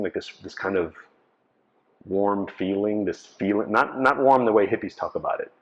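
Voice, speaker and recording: A man, giving a personal testimony to a live audience in a conversational storytelling way and acting out the dialogue. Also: fairly low pitch. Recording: dull lo-fi recording.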